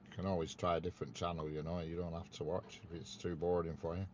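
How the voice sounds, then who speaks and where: A man with a very low, deep voice and a Northern English accent chats casually on a live stream, reading out viewer comments and ribbing them with dry humour. The audio is dull and lo-fi, with a faint hiss of background noise underneath. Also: little pitch movement, fast. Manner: reads viewer comments aloud and teases them with dry banter. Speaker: railway live-stream host.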